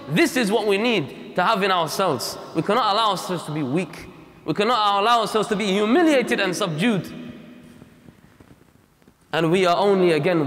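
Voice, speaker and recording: A man's voice: sits high, a bit bright. A man giving a Friday sermon in a mosque, impassioned and emphatic, repeating key lines and mixing in Arabic phrases. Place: mosque prayer hall. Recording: long reverb of a mosque hall.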